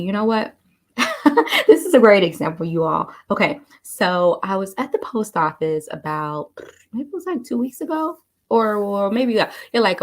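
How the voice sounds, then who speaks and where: A woman telling a story to encourage listeners, animated and chatty, often calling them "you all.". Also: mid-range voice, creaky. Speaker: motivational speaker. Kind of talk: casual motivational storytelling.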